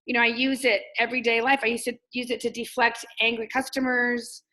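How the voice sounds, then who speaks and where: A woman's voice: a little high, level tone, a little fast, pushed and bright, low-quality recording. A woman from Texas, a comedian and coach, talking candidly in an interview, telling stories with lots of filler words. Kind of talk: casual interview chat.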